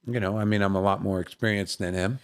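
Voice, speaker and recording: In a fairly low, smooth voice, a comedian talks fast as a podcast studio guest, telling interview stories. He animatedly impersonates the voices within them and repeatedly throws in "you know what I mean."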